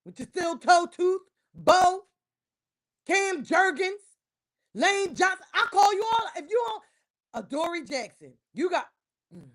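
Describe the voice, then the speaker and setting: A woman ranting about her football team on a casual livestream, heated and emphatic, repeating herself and breaking into loud outbursts. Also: very high-pitched, animated, a little slow, long pauses. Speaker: livestream host. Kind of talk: casual sports rant on a livestream.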